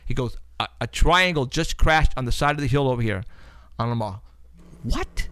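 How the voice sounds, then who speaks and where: A man's voice: mid-range voice, brisk, a bit bright, slight background noise. A man hosting a paranormal talk show, telling a long story in a rambling way, repeating words and laughing often.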